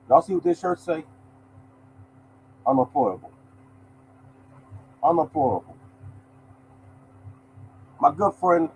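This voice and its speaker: A man hosts his own lottery podcast in a loose, preachy monologue. He hammers points home by repeating them and keeps addressing listeners as y'all. His voice sits a little high. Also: vocal fry, darkish tone, a little hiss or hum, rough recording. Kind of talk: casual motivational monologue.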